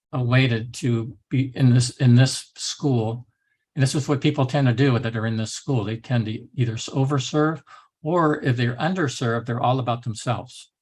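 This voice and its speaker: A man's voice: medium pitch, darkish tone. A man instructor giving a recorded lecture in a loose, rambling way with many restarts.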